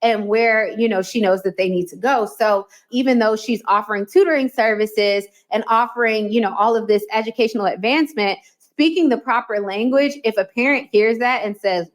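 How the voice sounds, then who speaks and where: A woman hosting a solo business coaching podcast, talking in a chatty, animated way and acting out little quotes. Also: fairly high pitch, moderate pace. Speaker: podcast host.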